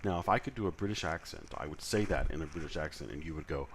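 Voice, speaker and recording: A man's voice: a bass voice, fast, few pauses, noisy background. A man lecturing in a conversational way, with frequent fillers and self-corrections. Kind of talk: recorded lecture.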